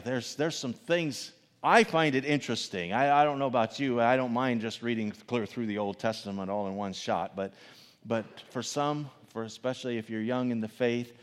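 A man preaching a sermon, swinging from loud emphatic questions to soft, low asides. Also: normal speed. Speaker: pastor. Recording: long reverb of a large hall.

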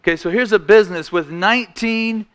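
High-voiced man preaching a folksy sermon. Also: fairly quick, fairly bright tone. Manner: folksy, repeats and restarts phrases, clears throat often. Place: church.

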